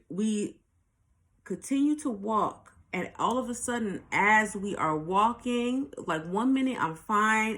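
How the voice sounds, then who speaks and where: A woman's voice: mid-range voice, fairly bright tone. Candid New woman telling a story. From New York. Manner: candid, profane, talks straight to viewers. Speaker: vlogger. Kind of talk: storytime monologue.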